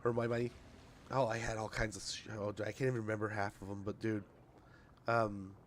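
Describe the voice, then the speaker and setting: A man's voice: lowish voice, little pitch movement, a little fast, slight background noise. A male streamer in casual livestream chat, reading patch notes aloud, rambling, tripping over words and laughing at himself.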